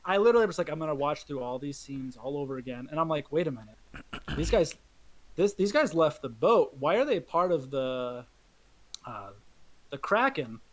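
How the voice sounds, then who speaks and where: A man's voice: fairly high pitch, very animated, normal speed. A man co-hosting a podcast, recounting a game in rambling casual chat. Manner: rambling, self-interrupting recollection. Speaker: podcast co-host.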